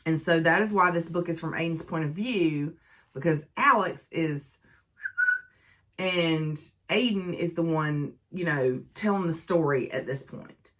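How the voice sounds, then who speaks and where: A woman with a fairly low voice chats her way through a book review at a measured pace, relaxed and conversational. She retells the plot casually, leaning on easy filler words along the way.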